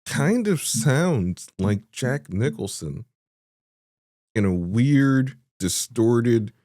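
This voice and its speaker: A man's voice: mid-range voice, very animated, drawn-out words, warm tone, no room sound, clean studio sound. A man co-hosting a podcast, rambling through a movie review with tangents and frequent laughter. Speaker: podcast co-host. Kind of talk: casual chat, movie review.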